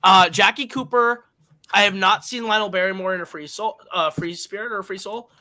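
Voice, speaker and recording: A man's voice: sits high, normal speed, sharp tone, no echo. A man co-hosting a film podcast, retelling a movie's plot in a rambling way, correcting himself often and using lots of fillers. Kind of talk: casual plot recap and review.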